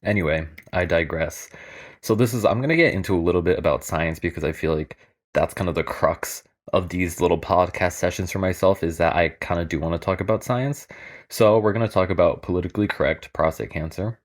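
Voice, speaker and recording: A man's voice: deep voice, fairly quick. A young man who works as a lab scientist, giving a casual, comedic talk with candid, wry humor.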